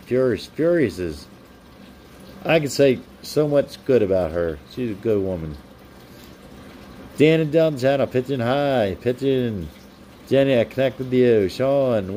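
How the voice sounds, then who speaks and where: A young man hosts a casual live stream, reading out viewer comments and names in a chatty, upbeat way. His voice is mellow and relaxed, sitting at an ordinary middle pitch. A faint noise hums underneath. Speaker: livestream host.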